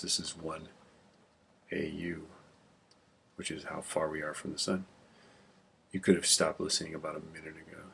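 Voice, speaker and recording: Very low, gravelly male lecturer. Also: a bit bright, slight background noise. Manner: rambling, mutters calculations half-whispered under his breath; tells corny jokes between topics. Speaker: instructor. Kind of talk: informal classroom lecture.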